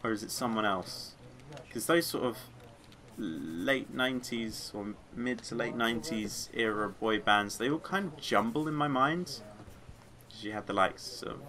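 A gaming video creator records casual let's play commentary, chatty and rambling, easily sidetracked into tangents and singing along to the music. His voice is medium-pitched, pushed, and bright.

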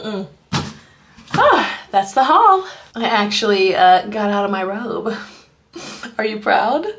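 A woman's voice: mid-range voice, a little hiss or hum. A woman beauty vlogger chatting casually at home, gushing over products and filling her talk with "like" and "you guys". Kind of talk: casual haul vlog chat. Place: her apartment.

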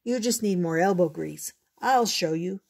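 A hearty father bear from a storybook, easygoing and grateful, voiced by a woman reading aloud. The tone is husky and a little breathy, and lines often lift upward in pleasant surprise. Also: fairly low pitch, unhurried, a little mellow. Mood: relaxed.

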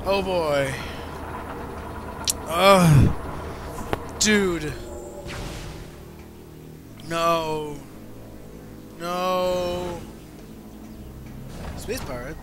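Young male let's player, high voice, slow drawn-out panicky yells, game music loud behind. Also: steady tone. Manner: panicky, yelps and pleads at enemies. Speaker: let's play gamer. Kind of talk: gameplay commentary.

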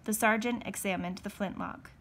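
A woman's voice: medium pitch, normal speed. Woman teacher reading a novel aloud. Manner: steady read-aloud, occasional slips and self-corrections.

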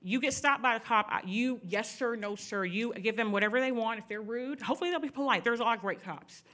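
A woman's voice: fairly high pitch, quick pace, pushed and bright. A middle-aged woman speaking candidly to an audience at a panel event, telling personal stories with many asides.

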